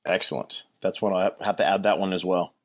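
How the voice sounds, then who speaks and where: A man co-hosting a podcast in casual chat, reacting quickly and with enthusiasm. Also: low voice, steady tone, lo-fi sound. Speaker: guest co-host.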